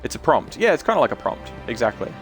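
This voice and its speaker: A man's voice: medium pitch, sing-song, fast talker, faint music behind. A man chatting casually on his game stream, sweary and talkative. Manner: chatty, sweary, talks about accents.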